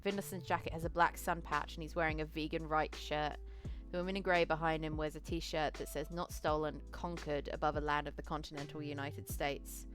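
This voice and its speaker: Woman, lowish voice, casual game narration, second-person, self-corrections, faint music behind. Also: little pitch movement, brisk, few pauses. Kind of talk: solo tabletop game narration.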